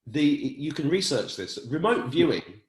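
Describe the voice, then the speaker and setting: A man's voice: a little high, big pitch swings, unhurried. A man hosting a casual conversation, blunt and plain-spoken. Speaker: host. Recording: echoey room.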